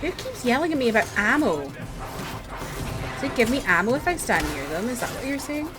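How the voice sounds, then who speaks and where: Animated, high-pitched woman streamer. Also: a little fast, over music. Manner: chatty, swears and shouts in frustration. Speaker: game streamer. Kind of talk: casual live commentary while gaming.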